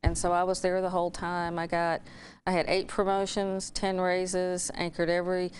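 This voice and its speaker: A Southern woman with a fairly low voice chats as an interview guest, a former TV anchor who talks readily and warmly. A faint hiss sits behind the recording. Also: monotone, normal speed. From Alabama. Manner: warm, talkative, laughs easily. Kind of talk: casual interview chat.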